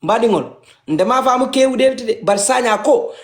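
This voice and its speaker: A woman's voice: a little high, lively intonation, moderate pace. A woman commenting mockingly on a live stream.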